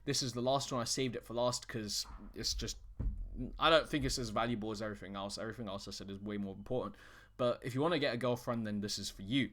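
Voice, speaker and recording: A man's voice: mid-range voice, quick pace, a bit bright. Blunt, swearing man giving advice. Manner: blunt, swears often, frequent restarts. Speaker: dating coach. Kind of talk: casual direct-to-camera advice.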